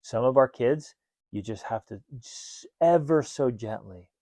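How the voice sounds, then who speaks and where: A middle-aged man in casual podcast conversation, lively and expressive, slipping into quoted voices as he explains. His voice sits at a middle pitch and sounds close and dry, with no room around it. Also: unhurried, dry recording. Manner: animated, acts out quoted dialogue. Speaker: podcast co-host. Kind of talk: casual parenting podcast chat.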